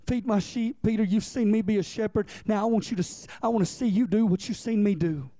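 A pastor delivering a sermon in a high, mellow voice. He preaches in a conversational way, repeating key lines and checking in with the congregation. The sound is dry and close. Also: fairly quick, no echo.

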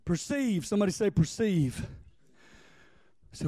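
A man preaching with a very high voice, folksy and repetitive, calling out to the congregation to respond. The sound is dry and close, with no room echo. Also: expressive, measured pace, a little mellow. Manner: folksy, repeats and calls on the congregation. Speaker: pastor. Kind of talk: sermon.

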